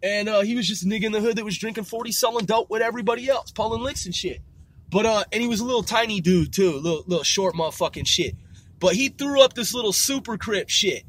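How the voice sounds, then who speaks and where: A man from Seattle telling profane, rambling stories in a casual, animated way. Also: high voice, fast, breathy edge. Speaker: podcast host. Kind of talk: casual storytelling.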